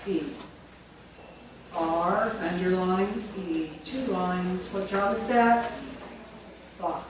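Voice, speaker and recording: A woman leading a phonics workshop for teachers, slowly dictating words and sounding each one out. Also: fairly low pitch. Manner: slow, deliberate, sounds words out. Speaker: teacher trainer. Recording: echoey, distant, noisy room recording.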